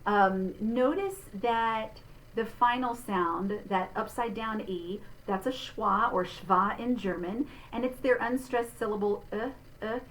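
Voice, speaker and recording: A middle-aged woman, a vocal instructor giving a clear, patient pronunciation lesson with spoken demonstrations. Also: medium pitch, takes it slowly, fairly bright tone, slight background noise, low-quality recording. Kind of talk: diction lesson.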